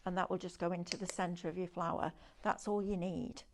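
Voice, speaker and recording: On a live craft shopping demo, a woman enthusiastically chats her way through product demonstrations as sales patter. Her voice is on the low side and a little mellow, fairly quick with little pitch movement, and there's slight background noise.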